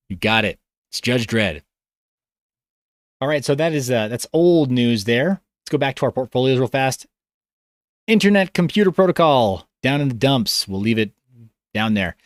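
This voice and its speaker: A man's voice: medium pitch, no echo, studio quality. A man hosting a livestream, reading comments in a loose, rambling way with a tired voice. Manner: rambling, loose, self-interrupting. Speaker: livestream host.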